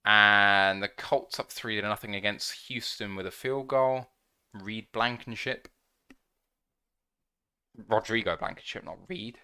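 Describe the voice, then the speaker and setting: A man hosting a live fan watch-along, commenting on the game play by play and getting loud and excited at big plays. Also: fairly low pitch, a little slow, pauses often, smooth. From United Kingdom. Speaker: fan podcast host.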